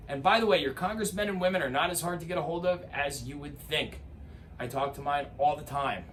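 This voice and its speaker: A man's voice: a little high, a little fast, fairly bright tone, slight background noise. A man giving an impassioned political address, rousing and emphatic, with rhetorical lists and repeated calls to action. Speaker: political commentator.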